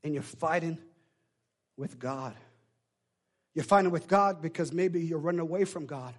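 A man preaching a sermon as pastor, swinging between shouted pleas and hushed, drawn-out lines with a call-and-response cadence. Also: fairly high pitch. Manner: shifts between shouting and hushed near-whispers.

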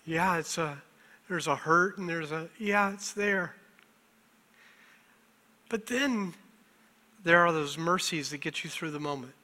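A man's voice: on the high side, a little slow, long pauses, sharp tone. A middle-aged male pastor preaching a sermon, emotional and self-deprecating, on the verge of tears and often laughing through them. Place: church sanctuary. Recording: long church hall reverb.

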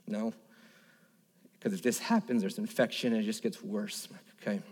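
Pastor preaching in a reverberant hall. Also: male voice, on the low side, fairly even intonation, fairly quick, a little mellow, husky. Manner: earnest, storytelling with rising emphatic repetitions. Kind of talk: sermon. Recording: long reverb of a large hall.

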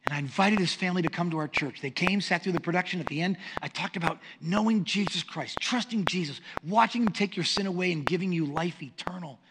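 A middle-aged male pastor telling stories in a sermon, animated and humorous. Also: high-pitched, fast talker, hardly any pauses. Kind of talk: sermon storytelling. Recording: noisy recording with clicks.

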